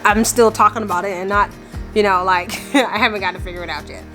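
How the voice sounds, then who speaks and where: A woman's voice: medium pitch, steady tone, quick pace, pushed and bright, soft background music. A woman in her thirties talking candidly and casually in a vlog, a little out of breath and laughing now and then. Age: 30s. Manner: chatty and candid, laughing often. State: slightly out of breath. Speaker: family vlogger.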